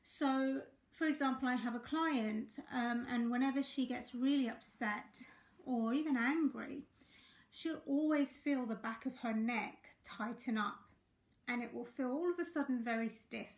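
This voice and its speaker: A woman giving a chatty coaching talk on a live stream, her throat croaky today. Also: fairly high pitch, a little slow, echoey room. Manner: warm greetings to viewers, chatty with fillers. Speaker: life coach.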